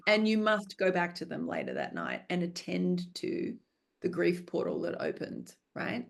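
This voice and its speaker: A woman's voice: on the low side, huge pitch swings, unhurried, vocal fry. Earnest woman coaching actors. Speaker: film director, podcast guest. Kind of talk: conversational interview.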